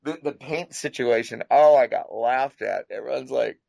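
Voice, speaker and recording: A man guest on a podcast chatting casually, rambling and halting, often breaking into laughter. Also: mid-range voice, gravelly, a little mellow. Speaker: podcast guest, makeup artist. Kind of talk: casual chat. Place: at home, tying a wig while talking.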